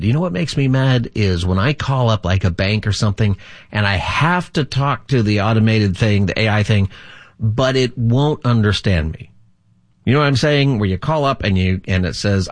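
A man's voice: mid-range voice, lively intonation, normal speed, no echo, studio quality. A middle-aged man hosting a call-in radio talk show as a pastor, rambling and chatty, laughing easily.

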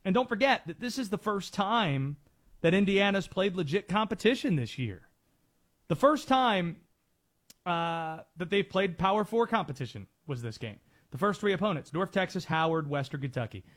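A man's voice: sits high, lively intonation, a little fast. A man hosting sports talk radio from a studio, driving his points home with rhetorical questions.

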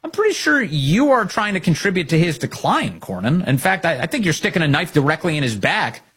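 A man's voice: a little high, big pitch swings, brisk, fairly bright tone, breathy edge. A man hosting opinionated political commentary, talking in a sarcastic, mocking way.

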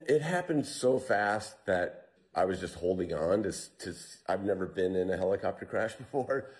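A man being interviewed, recounting a survival story in a relaxed, storytelling way with fillers and restarts. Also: low-pitched, normal speed. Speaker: interview guest.

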